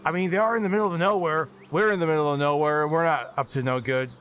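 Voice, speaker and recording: A man voicing a nervous, defensive human soldier who grumbles in a rapid rush. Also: fairly high pitch, steady tone, fairly bright tone, slight background noise, lightly acted. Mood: grumbling.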